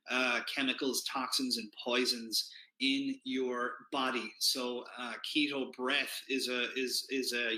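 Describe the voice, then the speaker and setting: A man's voice: medium pitch, sharp tone, roomy sound. A man hosting a casual livestream for his online group, reading out viewers' comments and answering them in a chatty way, with many fillers and restarts. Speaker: host of a keto diet group livestream.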